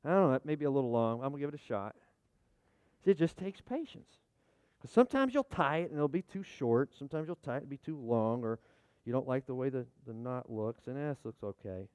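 A middle-aged pastor with a mid-range, slightly mellow voice and a clean tone preaches briskly and with animation in a dry recording. His chatty, folksy sermon uses props and is full of restarts and asides as he jokes with the congregation and calls for amens.

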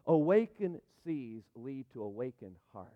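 A man preaching a sermon, emphatic and building to loud peaks as he speaks. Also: medium pitch, very animated, a little slow. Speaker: pastor. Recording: dull sound, long hall reverb.

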